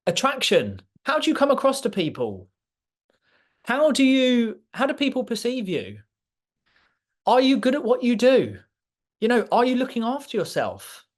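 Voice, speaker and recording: A man's voice: very high-pitched, huge pitch swings, normal speed, pauses often. A man delivering a motivational masterclass talk, emphatic and repeating key points for effect. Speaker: speaker.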